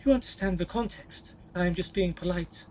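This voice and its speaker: A man's voice: sits high, fairly quick, darkish tone, slight background noise, lightly acted, rough recording. Man reading as Potema, scheming queen. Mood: polite. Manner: cool, cutting, politely condescending. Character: scheming ambitious queen mother, woman.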